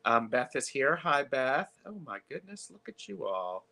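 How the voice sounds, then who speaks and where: A man hosting a live tarot stream, chatting casually with lots of fillers and pauses. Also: medium pitch, sing-song, sharp tone. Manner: chatty, halting, many fillers.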